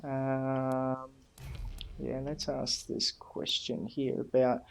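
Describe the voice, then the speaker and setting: A man's voice: medium pitch, level tone, very slow, creaky. Laid-back man narrating his gameplay. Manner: reads dialogue options aloud, laid-back, laughs easily. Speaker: gameplay commentator. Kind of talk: casual gameplay commentary.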